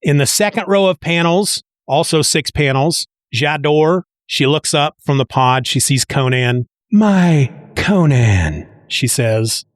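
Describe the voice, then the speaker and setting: A man casually recapping a comic book issue page by page, chatty and excitable, often restarting his sentences. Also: a little high, measured pace, hardly any pauses, smooth, no room sound. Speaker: comic book podcast host.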